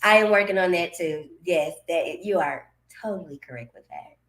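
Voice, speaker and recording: A woman co-hosting a podcast in casual chat, outspoken and animated, laughing often. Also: lowish voice, moderate pace. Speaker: podcast co-host. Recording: echoey room.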